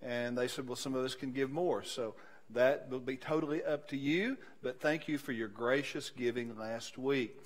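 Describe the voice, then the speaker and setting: A man, a pastor giving a sermon, building from quiet announcements to loud, slow, emphatic preaching. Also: medium pitch.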